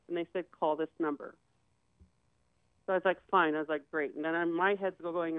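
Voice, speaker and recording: A woman's voice: on the low side, fairly quick, smooth, dry recording, narrow, tinny audio. A woman guest on a talk show, telling a personal story and retelling conversations in quoted dialogue.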